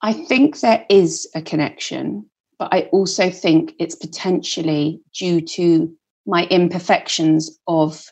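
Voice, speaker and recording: Husky-voiced woman, chatty and candid. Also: on the low side, slow, a little mellow. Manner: chatty, self-deprecating, swears freely. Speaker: guest singer-songwriter. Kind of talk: candid podcast conversation.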